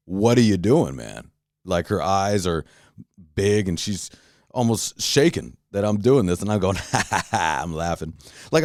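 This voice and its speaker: Low-voiced man ranting casually. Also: no echo, studio quality. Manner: animated, profane, restarts a lot. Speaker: podcast host. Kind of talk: casual storytelling rant.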